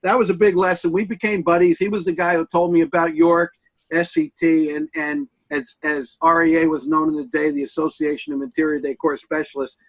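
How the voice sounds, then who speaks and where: An older man, a guest on an interview show, telling folksy stories from his early working days at an unhurried pace, with many pauses. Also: on the high side, level tone, dry recording, poor audio. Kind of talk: reminiscing interview talk.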